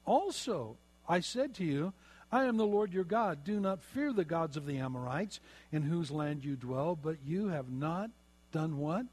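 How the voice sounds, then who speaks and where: A middle-aged man preaching a sermon, slowing down and repeating phrases for emphasis. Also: fairly high pitch, animated, darkish tone. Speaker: pastor.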